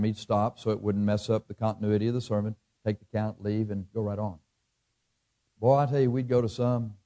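A man's voice: on the low side, dark tone. A man preaching a sermon, reading scripture aloud in old-fashioned cadence and adding folksy asides and chuckles. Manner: folksy, reads scripture in King James cadence, chuckles at own jokes.

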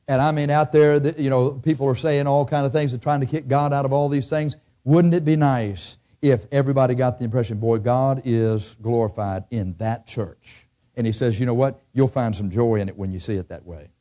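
Mellow-voiced male preacher. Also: medium pitch. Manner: conversational preaching with rhetorical questions. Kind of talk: sermon. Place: church.

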